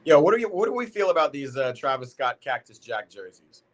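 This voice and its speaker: A man's voice: fairly high pitch, sing-song, brisk. A man hosting a live football watch party, chatting casually in slang and reading out comments from chat.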